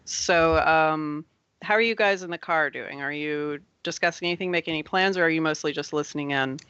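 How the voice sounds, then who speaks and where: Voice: mid-range voice, fairly quick, bright, forceful tone, clean tone, no room sound. A game master narrating a tabletop game in a casual, easy-laughing way. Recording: dry lo-fi audio.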